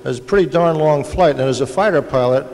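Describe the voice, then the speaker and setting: A man's voice: fairly high pitch, fast talker, a little mellow. An older man on a panel recounting stories with dry humor and an easygoing manner. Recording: long hall reverb.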